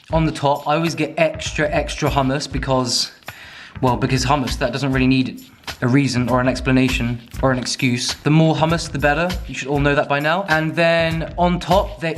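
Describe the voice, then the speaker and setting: Young male food vlogger, slightly raised pitch, chatty and upbeat, faint music behind. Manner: chatty, enthusiastic, self-mocking. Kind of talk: casual chat to camera.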